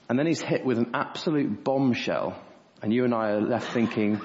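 A man's voice: medium pitch, fast talker, a little mellow. A man preaching an earnest sermon as a pastor, acting out quoted speech in a raised voice. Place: church hall. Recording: dull reverberant church recording.

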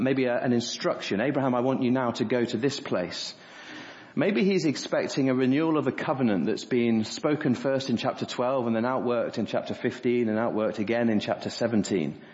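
A man preaching an earnest sermon as a pastor, acting out quoted speech in a raised voice. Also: medium pitch. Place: church hall. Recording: dull reverberant church recording.

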